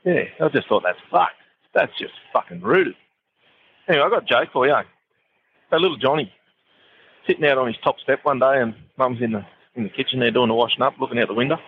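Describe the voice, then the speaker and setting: A man tells a crude joke quickly, swearing all the way through. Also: mid-range voice, phone-quality sound, slight background noise. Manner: crude, rapid-fire, swearing constantly. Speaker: caller. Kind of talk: joke-telling voice message.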